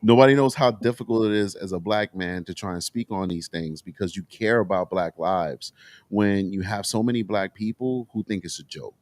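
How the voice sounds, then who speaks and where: A man's voice: on the low side, normal speed, darkish tone, dry recording. A man hosting a political talk show, speaking with raw emotion and frequent swearing. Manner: impassioned, emotional, profane. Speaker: show host.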